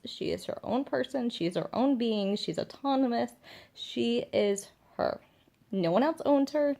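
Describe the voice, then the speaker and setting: Earnest young mother with vocal fry. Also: on the high side, darkish tone. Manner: earnest, emphatic, repeats points for stress. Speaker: mother vlogging about parenting. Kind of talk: casual to-camera monologue.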